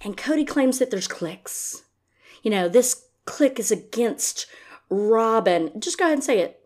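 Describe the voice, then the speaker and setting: A woman hosting a podcast, ranting in casual commentary, blunt and profane, now and then mocking someone in a high put-on voice. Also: expressive, normal speed, a little mellow. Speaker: podcast host.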